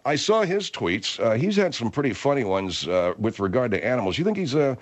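Host, male, lively pitch, rambling, repeats words, easily exasperated. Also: a little fast. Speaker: radio host. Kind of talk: comic talk radio.

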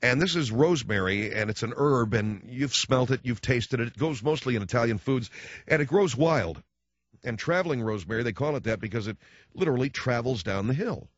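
A man's voice: mid-range voice, animated, brisk, dry recording, dull audio. A middle-aged man hosting a radio talk show, rambling wryly in a casual monologue. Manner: rambling, wry.

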